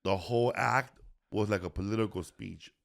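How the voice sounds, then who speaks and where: A middle-aged man with a fairly low voice, telling road stories at an easy pace. He keeps it loose and profane and drops "bro" all through. It sounds like two friends chatting on a podcast. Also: normal speed, creaky. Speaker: podcast host, comedian. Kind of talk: casual storytelling chat.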